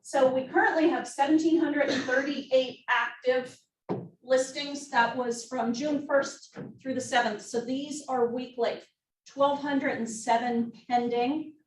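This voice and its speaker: A woman's voice: sits high, steady tone, a little slow. A woman running an office team meeting presentation, upbeat and making joking asides. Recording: roomy, distant mic, faint noise.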